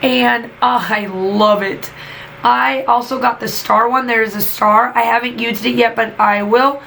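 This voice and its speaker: A woman's voice: fairly high pitch, steady tone, unhurried, vocal fry, fairly bright tone, a little hiss or hum, poor audio. A woman, chatting enthusiastically while she crafts and talks to her channel, with many fillers. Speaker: craft YouTuber and teacher. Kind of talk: casual crafting vlog voice-over.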